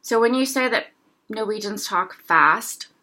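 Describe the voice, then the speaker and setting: Teaching a language lesson, this woman reads short dialogues slowly and explains every phrase while clearing her sore throat again and again. Her voice is medium-pitched, animated, and pushed and bright.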